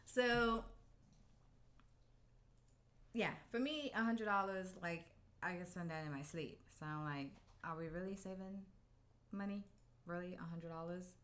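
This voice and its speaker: Woman co-host, bright forceful tone, slightly low pitch; chatty storyteller who laughs often. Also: normal speed. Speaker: podcast co-host. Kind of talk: casual couple's podcast chat.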